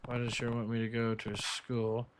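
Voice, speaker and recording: A man streaming a game, talking bluntly and reacting loudly to what happens on screen. His voice sits in the middle range. A steady background hiss runs under the recording. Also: medium pitch, normal speed. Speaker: gaming streamer. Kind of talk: let's play commentary.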